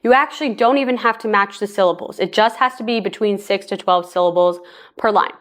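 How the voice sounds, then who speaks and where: A woman's voice: mid-range voice, a little fast. Woman teaching songwriting, plain and direct. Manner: explains plainly step by step, addressing the viewer directly. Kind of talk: casual spoken lesson.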